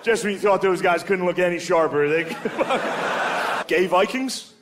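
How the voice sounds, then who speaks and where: A man doing a crude stand-up comedy set, saying "dude" a lot and jumping into high-pitched quoted voices. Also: measured pace. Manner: crude, loose delivery with frequent "dude" and sudden high-pitched acted quotes. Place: comedy venue with a laughing audience. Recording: live club recording with crowd noise. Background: audience laughter.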